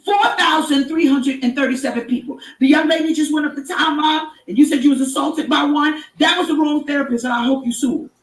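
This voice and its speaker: A woman hosting a live stream, giving an emphatic preaching-style motivational talk that repeats phrases and rises to shouts. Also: high-pitched, fairly even intonation, fairly quick, few pauses, recorded from a distance. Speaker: inspirational live-stream host. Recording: echoey room, off-mic with background noise.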